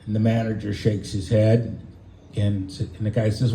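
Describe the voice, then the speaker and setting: A man performing on a porch, telling a rambling shaggy dog joke with halting restarts and fillers. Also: fairly low pitch, fairly even intonation, creaky, dark tone, roomy sound, rough recording. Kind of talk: folksy joke telling and singing. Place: porch, outdoors.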